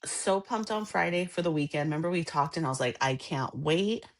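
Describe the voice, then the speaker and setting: Low-voiced chatty woman podcaster. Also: quick pace. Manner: expressive, gasps and laughs, chatty. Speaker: podcast co-host. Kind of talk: casual chat.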